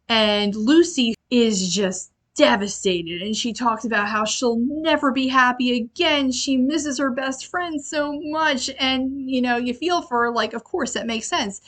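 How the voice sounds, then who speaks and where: A woman's voice: on the high side, a bit bright. A young woman hosting a casual book review, exasperated and rambling with many fillers. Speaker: library video host.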